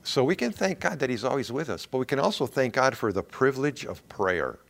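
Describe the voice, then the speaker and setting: A middle-aged male pastor preaching a sermon in an earnest, emphatic way with dramatic pauses. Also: mid-range voice, animated, gravelly.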